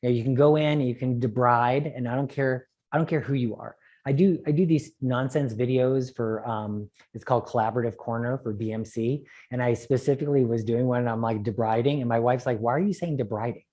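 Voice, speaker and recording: Animated man giving a medical lecture. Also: mid-range voice. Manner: animated, joking asides, quick digressions. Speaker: optometrist lecturer. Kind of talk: conference lecture.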